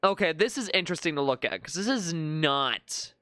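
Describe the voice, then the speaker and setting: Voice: medium pitch, lively intonation, moderate pace, a bit bright, no room sound, studio quality. A streamer giving casual live commentary, thinking aloud and often stammering into restarts.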